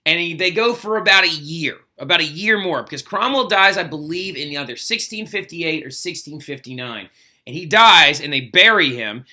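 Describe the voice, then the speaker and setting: A man teaching history in a casual video lecture, chatty and energetic. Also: high-pitched. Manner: energetic, chatty, acts out quotes.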